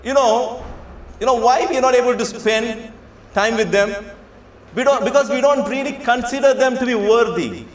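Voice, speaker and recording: A man giving a lecture to students and telling a story. He speaks emphatically, repeats phrases and asks rhetorical questions. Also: high voice. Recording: echoey room with faint ambience.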